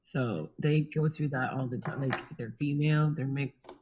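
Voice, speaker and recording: A woman guest in a casual spiritual chat, talking gently and reflectively. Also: rumbling low, moderate pace, lo-fi sound, slight background noise.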